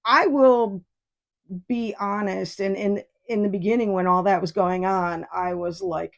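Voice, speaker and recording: A woman's voice: mid-range voice, fairly even intonation, measured pace, gravelly, dull audio. A middle-aged woman hosting a podcast, telling a story in a casual, frank way with many restarts. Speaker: podcast host.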